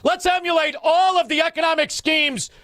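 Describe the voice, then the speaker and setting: A man's voice: very high voice, steady tone, moderate pace, a bit bright, no room sound, clean studio sound. A man hosting a talk radio show, taking calls and mocking his targets with insults. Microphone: studio microphone.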